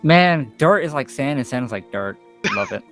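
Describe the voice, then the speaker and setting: A man's voice: mid-range voice, animated, moderate pace, a bit bright, soft background music. A man teasing his friends in casual chat before a tabletop game. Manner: teasing, mocking banter.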